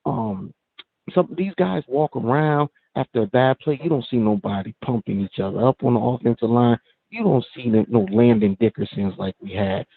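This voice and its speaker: A man's voice: mid-range voice, normal speed, vocal fry, breathy edge, dry recording. A man from New Jersey calling into a sports talk show, complaining in a heated, emphatic way. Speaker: caller. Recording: phone line.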